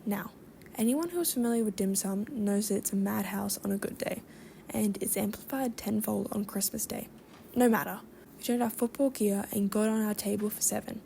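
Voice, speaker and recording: A woman reading online stories aloud in an even, conversational way, with brief asides of her own. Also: medium pitch, normal speed, creaky, slight background noise. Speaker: story reader.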